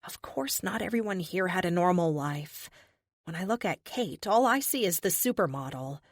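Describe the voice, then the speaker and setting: A woman narrating a first-person audiobook in an expressive, conversational way. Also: lowish voice, moderate pace.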